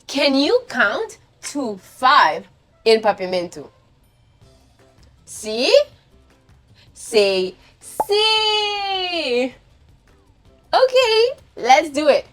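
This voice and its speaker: A woman's voice: on the high side, big pitch swings, very slow, pauses often, fairly bright tone, soft background music. A woman teaching young children to count, cheerfully praising them and asking them to repeat after her. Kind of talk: kids' counting lesson.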